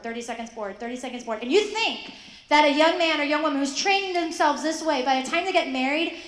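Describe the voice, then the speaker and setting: A young woman giving an animated faith talk to high school students, asking questions and acting out quoted voices. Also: echoey room. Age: young adult. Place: school hall.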